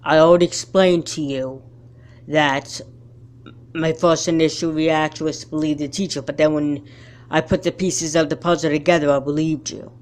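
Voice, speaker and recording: A woman as a middle-aged father, calm, lecturing, lowered soft voice, doll movie. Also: normal speed, lightly acted. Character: stern but caring father, middle-aged man. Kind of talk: fan doll-movie voice acting.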